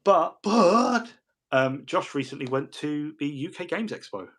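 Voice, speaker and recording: A man's voice: fairly high pitch, normal speed. A man hosting a casual hobby livestream in a chatty, joking, rambling way. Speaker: host.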